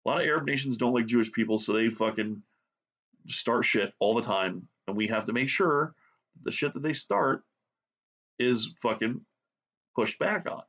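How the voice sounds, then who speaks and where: Brief: blunt, sarcastic man on a profane rant, mid-pitched voice, muffled lo-fi recording. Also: lively intonation, normal speed, a bit bright. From United States. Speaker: art vlogger. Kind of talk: profane rant while drawing.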